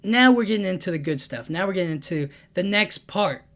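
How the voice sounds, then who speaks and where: A man's voice: high-pitched, expressive, fairly quick, fairly bright tone. A young man casually recapping a comic chapter, rambling with many 'you know what I mean' fillers. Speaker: manga breakdown YouTuber.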